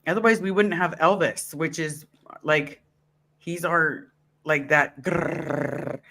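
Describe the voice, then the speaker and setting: A woman's voice: low-pitched, a little slow, a bit bright. A woman hosting a live-stream chat show, talking in an impassioned, ranting way. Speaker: host.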